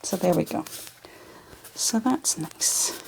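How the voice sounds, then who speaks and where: A woman's voice: mid-range voice, big pitch swings, slow, vocal fry, a little mellow, whispered. A Canadian woman chatting casually as she works on a craft project in her home studio, rambling and wandering off on tangents. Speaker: junk journal crafter. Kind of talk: casual chat while crafting.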